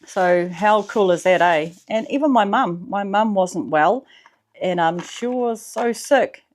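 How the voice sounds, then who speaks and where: A woman with a New Zealand accent talking casually in a personal vlog, slangy and profane, sometimes softening to a low, hushed voice. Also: a little slow. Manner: chatty, swears freely, slangy; drops to a soft, low voice in the spiritual parts. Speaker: vlogger.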